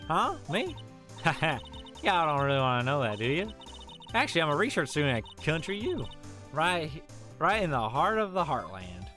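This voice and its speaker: A man's voice: fairly high pitch, big pitch swings, normal speed, sharp tone, faint music behind. A man voicing a boisterous young Southern woman photographer in a folksy drawl, reading game dialogue aloud. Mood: friendly. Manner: folksy drawl, hearty, chatty.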